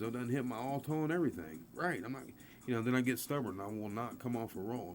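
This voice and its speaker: A man streaming live about craps dice throws, rambling and excitable, swearing freely as he talks. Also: mid-range voice, fast talker. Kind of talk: casual live-stream talk. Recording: music playing behind.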